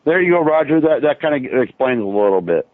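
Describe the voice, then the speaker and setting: A man's voice: medium pitch, very animated, a little fast, dry recording. Man talking on a tinny phone line. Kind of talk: casual chat on an internet radio show.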